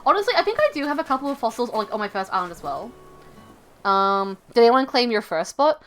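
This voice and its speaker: A woman's voice: a little high, sing-song, brisk, faint music behind. A young woman streaming a game, chatting casually in a rambling way with lots of fillers. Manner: rambling, many fillers and restarts. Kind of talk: casual live-stream chat.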